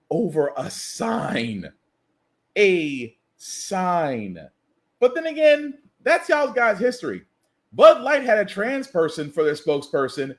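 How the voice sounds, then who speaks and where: A man hosts a satirical podcast with a high-pitched voice that leaps up and down in disbelief. He rants with comic asides and sounds incredulous as he talks. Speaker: podcast host. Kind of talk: satirical news commentary monologue. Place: lives in the US South.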